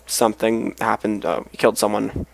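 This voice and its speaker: A man's voice: fairly low pitch, flat delivery, moderate pace, gravelly, background noise. A tired man casually rambling as he comments on a game he is playing, with mumbled asides. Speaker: let's play host.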